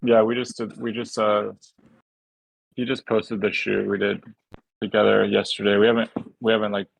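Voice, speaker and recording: A man chatting casually as a podcast guest, halting and laid-back, full of fillers and restarts. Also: on the low side, little pitch movement, vocal fry, husky, poor audio. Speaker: podcast guest, shoe designer. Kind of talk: casual chat.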